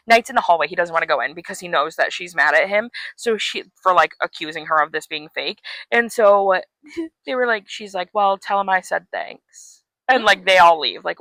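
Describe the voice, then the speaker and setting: Woman co-host, casual storyteller, crisp bright voice, dry close recording. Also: lowish voice, no echo. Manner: breathless retelling full of "like", swears freely. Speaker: podcast co-host. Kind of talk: casual chat.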